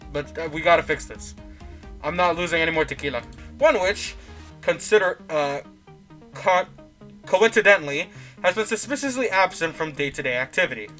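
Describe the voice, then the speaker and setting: A man's voice: on the high side, bright, forceful tone. A young man reading a visual novel aloud as a let's play host, often stumbling, correcting himself and adding joking asides.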